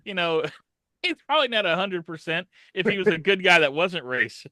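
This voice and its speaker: A man's voice: sits high, lively intonation, moderate pace, bright, forceful tone. A man guesting on a podcast, chatting casually and dropping dry, wry asides. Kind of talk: casual chat.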